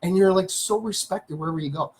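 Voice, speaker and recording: Canadian male streamer, relaxed rambling host chatter. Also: high voice, quick pace, rough recording. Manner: chatty, greets viewers by name, rambling. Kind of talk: casual live stream chat.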